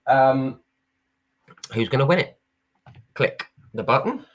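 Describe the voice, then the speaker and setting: A man's voice: mid-range voice, expressive, slow. A man from England hosting a charity prize draw live from home, chatty and upbeat, often stopping and restarting. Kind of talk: casual livestream chat.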